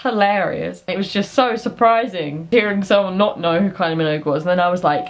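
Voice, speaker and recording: A young English woman hosting a casual chat on her vlog, playful and quick to giggle. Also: fairly low pitch. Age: young adult. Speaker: vlogger.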